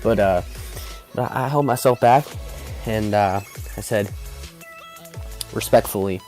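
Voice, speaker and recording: A man's voice: fairly low pitch, a little slow, long pauses, darkish tone, faint music behind. A man telling a comedic story as a vlogger, rambling with many restarts and fillers and talking straight to his viewers.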